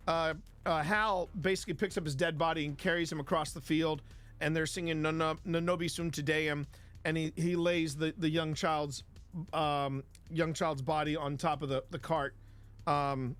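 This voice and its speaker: A man with a somewhat high voice hosts a casual live stream from home, talking to his chat in a loose, rambling way. He doubles back on his words and greets viewers by name. Faint music plays behind him. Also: fairly bright tone. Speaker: livestream host.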